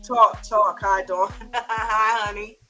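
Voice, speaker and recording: An American woman from the United States hosts a live trading chat stream, playful and teasing, laughing often and greeting viewers by name. Her medium-pitched voice is steady, bright, and forceful, and she speaks slowly over faint background music.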